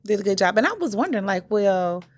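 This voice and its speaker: Lively woman host, close and dry. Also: medium pitch, quick pace, no echo. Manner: chatty, enthusiastic, informal. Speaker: interview host. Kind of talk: casual interview.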